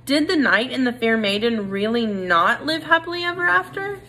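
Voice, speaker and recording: A woman reading a children's novel aloud, gentle and expressive, speaking directly to the reader. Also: on the high side, normal speed, a little hiss or hum. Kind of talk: read-aloud narration.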